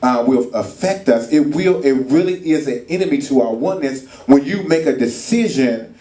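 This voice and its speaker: This animated, mellow mid-range voice belongs to a man preaching at a normal speed during a marriage retreat in a church hall. His sermon uses casual, colloquial stories with acted voices, recorded from a distance in an echoey room.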